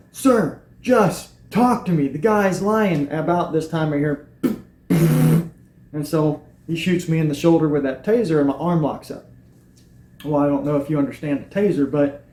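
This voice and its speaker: A man's voice: a little high, mellow. A man recounting his arrest plainly and acting out the lines he quotes. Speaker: arrestee telling his story. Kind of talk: personal account. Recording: echoey room with faint noise.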